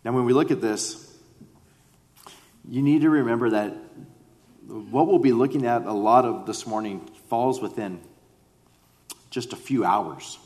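A man's voice: mid-range voice, a little slow, pauses often, darkish tone. A man preaching a sermon and reading scripture, earnest, acting out quoted lines with rising emphasis. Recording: long reverb of a large hall.

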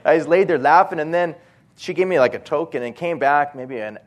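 A male preacher telling animated, self-mocking stories in a sermon, often breaking into voiced impressions. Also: on the high side, a little fast. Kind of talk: storytelling sermon.

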